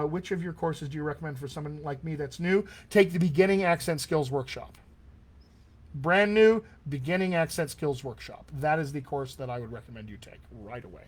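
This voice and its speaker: A man with a slightly high-pitched voice talks warmly and eagerly to his online audience. He is a dialect coach closing out a live class, reading comments aloud and pointing people to his courses. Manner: enthusiastic, chatty, reads out viewer comments. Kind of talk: live-streamed Q&A wrap-up.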